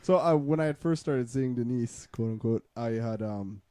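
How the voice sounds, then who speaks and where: A man's voice: medium pitch, moderate pace, dark tone, no room sound. A man in casual chat, rambling through a personal story with many restarts. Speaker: podcast co-host.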